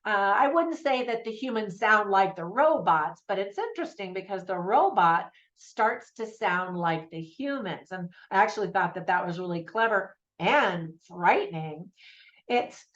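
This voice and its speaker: An American woman talks through a movie review in a relaxed, conversational way, wandering into little asides as she goes. Her voice sits at an ordinary middle pitch. The recording sounds a bit dull and lo-fi. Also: a little slow. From United States. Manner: chatty and conversational, with frequent fillers and asides. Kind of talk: casual spoken movie review.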